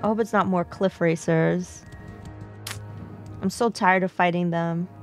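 A woman's voice: on the low side, steady tone, measured pace, soft background music. A woman live-streaming a video game, chatting to her viewers and talking to herself as she plays. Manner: chatty, talks to herself and chat while playing.

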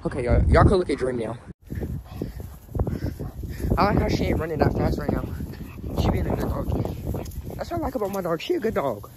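Excitable young man vlogging outdoors. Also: a little high, moderate pace, pauses often. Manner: excitable, chatty, slangy. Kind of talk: casual vlog talk to viewers. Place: outdoors walking a dog in a park. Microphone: phone held in hand. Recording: outdoor phone audio with background noise.

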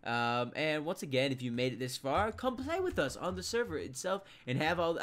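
A young man giving casual commentary over a game he plays, mumbling to himself one moment and shouting the next. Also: a little high, brisk, hardly any pauses. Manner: excitable, jumps from mumbling to loud outbursts. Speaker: gameplay commentator. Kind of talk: casual let's play commentary.

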